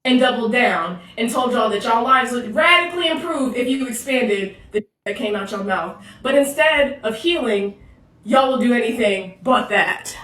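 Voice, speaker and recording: A woman's voice: a little high, expressive, normal speed, a bit bright, recorded from a distance. Sassy woman in an echoey room. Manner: sassy, slangy, confrontational. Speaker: social media therapist. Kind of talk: direct-to-camera social video.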